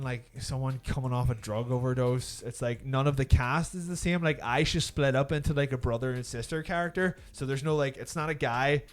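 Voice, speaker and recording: A man co-hosting a podcast in casual chat, animated and swearing, mocking people with put-on voices. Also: medium pitch. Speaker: podcast co-host.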